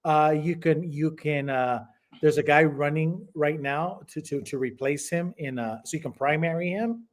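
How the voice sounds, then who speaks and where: A man with a voice a little higher than most men argues his side in a heated political debate. He is emphatic and profane, and he often repeats words as he pushes his point. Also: moderate pace.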